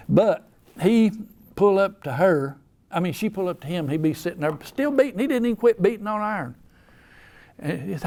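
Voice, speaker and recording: A man's voice: high voice, animated, fairly quick, dark tone. An older man with an Appalachian accent, telling rambling, folksy stories in casual talk. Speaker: storyteller. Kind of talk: casual storytelling.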